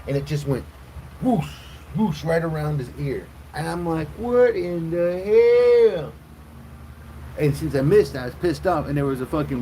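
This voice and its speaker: A man chats to his livestream viewers and spins crude, rambling stories. His voice sits a bit high. Clear vehicle and road noise runs behind him. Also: low-quality recording. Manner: crude, rambling storyteller with loud acted quotes. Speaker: livestream host. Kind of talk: casual livestream chat with viewers.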